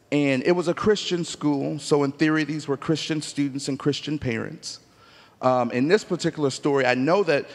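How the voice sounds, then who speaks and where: Preacher man, high voice, gets loud and fired up, echoey church. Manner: animated preaching, swings from quiet to shouting. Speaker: pastor. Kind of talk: sermon. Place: church sanctuary.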